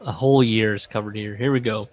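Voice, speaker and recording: A man's voice: lowish voice, steady tone, fast, a little mellow. Rambling man hosting a book-club podcast. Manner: reads book passages aloud with joking asides; rambling, self-interrupting. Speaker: podcast co-host. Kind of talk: casual book-club chat.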